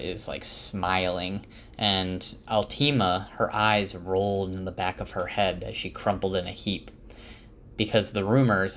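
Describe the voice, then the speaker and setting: A man's voice: low-pitched, a bit bright, a little hiss or hum. A man giving a casual spoken summary of a book, full of fillers like "like" and "uh".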